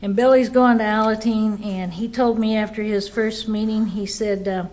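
A woman's voice: mid-range voice, fairly even intonation, normal speed, a little mellow, lo-fi sound. A woman giving a personal recovery testimony, telling her story earnestly and voicing the people in it. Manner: earnest storytelling, quotes others in dialogue.

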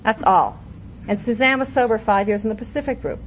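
A woman's voice: fairly high pitch, lively intonation, fairly quick. A middle-aged woman sharing her recovery story at a meeting, candid and wry, breaking into laughter as she tells it. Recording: muffled lo-fi recording with faint hiss.

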